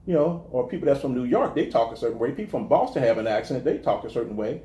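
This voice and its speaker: A man from the telling stories in a casual interview, animated and restarting his sentences often. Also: medium pitch, quick pace, reverberant. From American South. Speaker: guest talking about his life.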